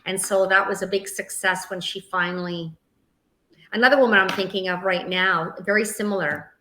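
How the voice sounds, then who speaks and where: A woman guest mentor telling stories in an interview, acting out the quotes with lively pitch shifts. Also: moderate pace, roomy sound, slight background noise, rough recording. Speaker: guest, emotional healing mentor. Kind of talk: storytelling in a podcast interview.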